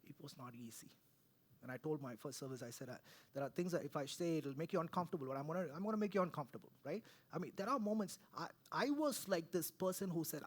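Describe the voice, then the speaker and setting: Husky man preaching a sermon. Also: on the high side, lively intonation, quick pace. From India. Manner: conversational, swings from loud to hushed, keeps asking "right?". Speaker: pastor. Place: church.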